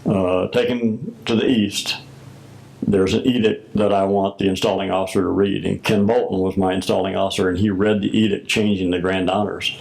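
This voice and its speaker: An older man with a low voice and a gravelly edge tells his story at an unhurried pace. He recalls old conversations and plays out both sides of each exchange as he goes. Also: level tone, a little mellow, poor audio. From United States. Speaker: former Masonic grand master. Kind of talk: oral history recollection.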